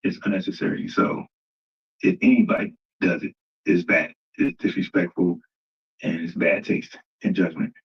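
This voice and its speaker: A man hosts a casual livestream and mocks the clip he is reacting to as he turns to his viewers. His voice is low and husky. The audio is a bit dull and muffled. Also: fairly even intonation, normal speed. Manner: mocking, talks straight to viewers as "family". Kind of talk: casual live commentary.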